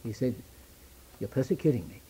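A man preaching a sermon, swinging between loud declamation and hushed near-whisper, quoting scripture in old-fashioned wording. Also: medium pitch, a little fast, slightly rough.

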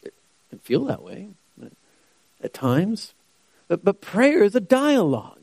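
A man's voice: high voice, huge pitch swings, slow pace, gravelly, a little mellow, no room sound. A man preaching a sermon who asks rhetorical questions and repeats key phrases for emphasis. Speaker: pastor.

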